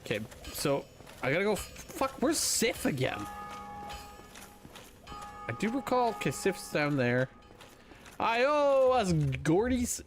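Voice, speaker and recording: A man's voice: fairly high pitch, wildly swooping pitch, a little slow, pauses often, slight background noise. A man streaming a video game, thinking aloud and swearing casually as he plays. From North America. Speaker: gaming streamer. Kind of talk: casual gameplay commentary.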